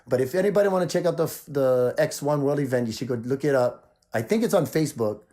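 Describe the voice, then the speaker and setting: A man from Maui hosting his own show, talking in an excited, rambling way with lots of repeats. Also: mid-range voice, fast. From Maui, Hawaii. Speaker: show host. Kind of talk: casual video chat.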